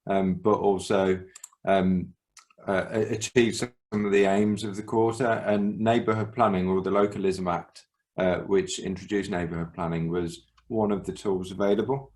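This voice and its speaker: A man co-chairing an online community workshop on a video call, speaking haltingly with many pauses and restarts. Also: low-pitched, steady tone, darkish tone.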